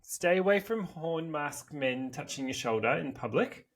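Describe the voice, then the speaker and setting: A man co-hosting a podcast, chatting casually in a wry, unhurried way with chuckles. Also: on the high side, expressive, slight background noise. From Australia. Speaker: podcast co-host.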